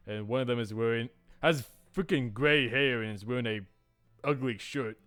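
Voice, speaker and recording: A man's voice: medium pitch, a bit bright. A man hosting a let's play, reading a visual novel aloud with playful, jokey asides.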